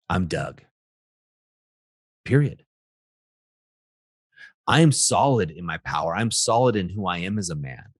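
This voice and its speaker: Husky, animated male motivational host. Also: deep voice, measured pace, long pauses, dry recording, studio quality. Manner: animated, emphatic, repeats "right?" and "guys". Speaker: podcast host, relationship coach. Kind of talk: motivational monologue.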